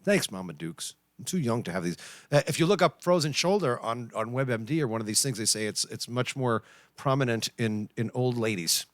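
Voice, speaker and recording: A man's voice: medium pitch, lively intonation, moderate pace, no room sound. A man in his forties hosting a live stream, chatting casually with viewers, reading their messages aloud and cracking puns. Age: 40s. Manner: chatty, reads out chat, joking puns. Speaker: livestream host and pianist.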